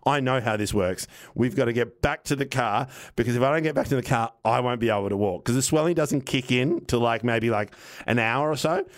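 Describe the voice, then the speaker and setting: A man's voice: medium pitch, a little fast. Man telling a rambling story. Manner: animated, rambling anecdote with acted-out quotes and swearing. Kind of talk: casual storytelling chat.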